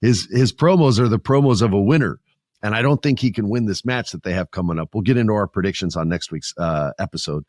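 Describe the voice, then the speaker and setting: A middle-aged man hosting a podcast, chatting about wrestling in a lively, joking way. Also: lowish voice, quick pace, no room sound, clean studio sound. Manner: animated, joking, puts on voices. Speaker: podcast host. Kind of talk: casual wrestling chat.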